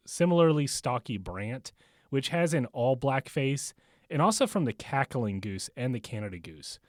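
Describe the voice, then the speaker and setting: A man hosts a podcast in an easy, rambling way, laughing at his own jokes between fillers. His voice sits at a middle pitch and is recorded dry and close, in a bookstore. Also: no room sound. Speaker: podcast host. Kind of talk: casual podcast monologue.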